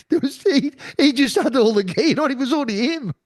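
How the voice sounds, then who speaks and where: A man's voice: very high-pitched, animated, moderate pace, no echo, studio quality. A man as a guest in a casual conversation, insistent and rambling, often talking over the host.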